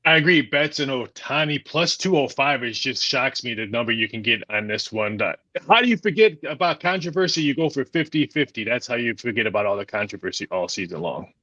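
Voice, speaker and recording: Brisk man giving betting picks. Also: mid-range voice, lively intonation, pushed and bright, no echo, highs cut off. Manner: brisk and matter-of-fact, quoting odds. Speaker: show panelist.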